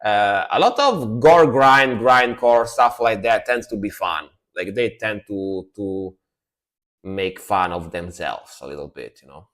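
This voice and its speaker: A man chatting casually on a music reaction live stream, laid-back and rambling, often trailing off quietly. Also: on the low side, lively intonation, unhurried.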